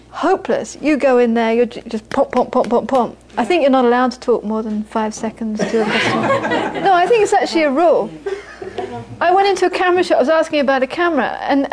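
A woman's voice: high-pitched, animated, a little fast. A woman teaching a group in a casual, chatty, anecdotal way, often laughing as she talks. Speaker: meditation teacher. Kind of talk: casual spoken teaching talk.

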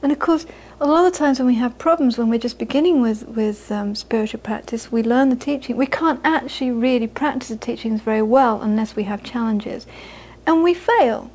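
A woman's voice: on the high side, brisk, hardly any pauses, a little mellow, poor audio. A woman giving a live Buddhist talk to an audience, earnest and repeating phrases for emphasis. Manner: earnest, repeats phrases for emphasis, laughs while telling stories. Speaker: Buddhist teacher.

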